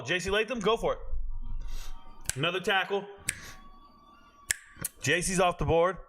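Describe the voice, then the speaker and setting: A man in his forties hosting a live stream, joking loudly with his chat viewers in casual slang and telling stories. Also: fairly high pitch. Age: 40s. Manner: loud, joking, slangy storyteller.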